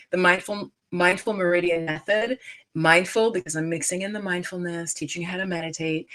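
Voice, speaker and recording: A woman's voice: medium pitch, a bit bright. A middle-aged woman from the United States giving a chatty, emphatic live-streamed talk on stress as a wellness coach. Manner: chatty and emphatic, frequent asides and restarts. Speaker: stress coach and yoga teacher.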